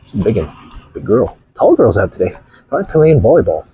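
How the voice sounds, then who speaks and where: A man's voice: lowish voice, big pitch swings, brisk, warm tone, a little hiss or hum. A man vlogging outdoors with a phone camera, blunt and mocking, rambling through stories as he walks. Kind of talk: casual walking vlog talk.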